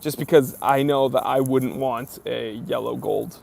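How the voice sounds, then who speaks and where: A man's voice: mid-range voice, fairly even intonation, a little slow, creaky, darkish tone. A young man hosting a casual live stream Q&A, reading viewer comments aloud and chatting with lots of fillers. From near New York.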